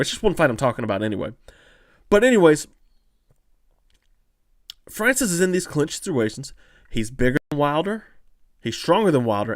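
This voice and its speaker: A man hosting a casual fight-analysis stream, reading chat comments and talking in an animated way with lots of fillers and restarts. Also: medium pitch, no echo, clean studio sound. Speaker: podcast host analyzing fights.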